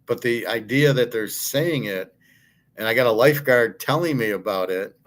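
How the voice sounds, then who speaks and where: A man's voice: medium pitch, normal speed, fairly bright tone. A middle-aged man, a sports handicapper, delivering a blunt, indignant monologue full of swearing and rhetorical questions. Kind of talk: ranting monologue.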